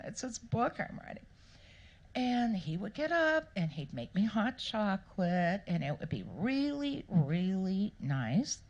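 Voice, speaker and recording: A woman author answering questions at a live event, telling stories in a playful, animated way and acting out the people she quotes. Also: medium pitch. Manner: animated, playful storyteller who acts out quotes. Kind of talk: storytelling interview answers. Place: live Q&A event before an audience.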